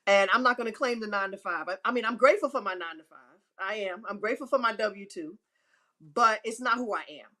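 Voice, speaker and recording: A woman's voice: fast, pushed and bright. A woman speaking as an inspirational speaker in a faith-filled motivational talk, emphatic and repeating phrases for effect. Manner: acts out quotes with pitch swings.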